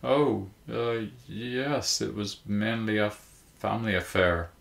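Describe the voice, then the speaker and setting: A man voicing a worried middle-aged mother who speaks gently and consolingly, in a storybook reading. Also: on the low side, fairly even intonation, slow, creaky, heavily acted. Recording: roomy echo.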